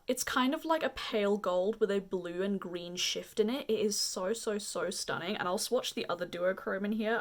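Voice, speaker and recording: A woman beauty vlogger with a slight accent, enthusiastically reviewing her favourite makeup products in a casual video. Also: mid-range voice. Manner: gushing, enthusiastic.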